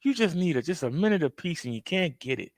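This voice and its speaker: Speaking quickly in a slightly high, very animated voice with no room sound, a man hosts a reaction video. His commentary is casual, emphatic and conversational, directed at viewers, and he acts out outbursts as the story unfolds.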